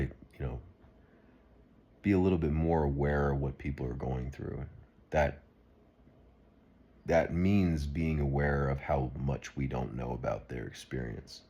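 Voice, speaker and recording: A man's voice: deep voice, darkish tone. A man talking straight to camera in an unscripted monologue, rambling and earnest with frequent restarts. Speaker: video blogger.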